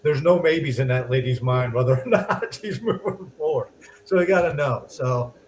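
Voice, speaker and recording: A man's voice: fairly high pitch, moderate pace, a little hiss or hum, rough recording. A man co-hosting a podcast, telling a sales story casually and laughing as he goes. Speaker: co-host.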